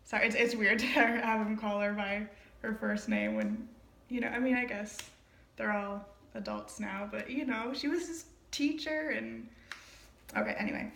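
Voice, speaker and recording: A woman's voice: on the high side, normal speed, gravelly, fairly bright tone, a little hiss or hum. A woman casually reading a play aloud and chatting about it, with frequent laughs and rambling asides. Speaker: reader and commentator. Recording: roomy echo.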